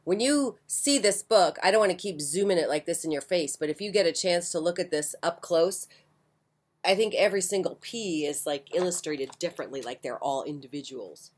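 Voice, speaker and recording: A woman reading a children's picture book aloud with an expressive voice, breaking off for soft, chatty asides. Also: fairly low pitch, normal speed, slightly rough. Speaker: children's story reader. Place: porch, outdoors.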